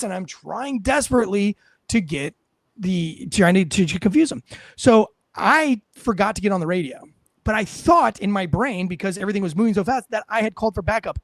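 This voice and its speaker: A former police officer telling a story in casual chat, animated and profane, acting out what people said. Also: male voice, high-pitched, dry recording. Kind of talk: casual storytelling on a talk show.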